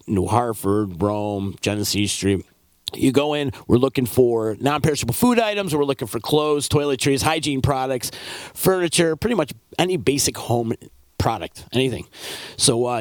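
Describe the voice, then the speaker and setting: A man's voice: medium pitch, no room sound. A man from upstate New York hosting a local radio show, chatty and playful as he reads sponsor spots and talks with guests in a studio. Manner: upbeat, chatty, playful hype. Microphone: studio microphone.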